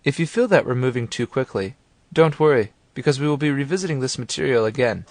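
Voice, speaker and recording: Guy narrating a language lesson, calm clear instructions, dry close mic. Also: mid-range voice, fast talker, dry recording. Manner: calm, clear and guiding, prompts the listener.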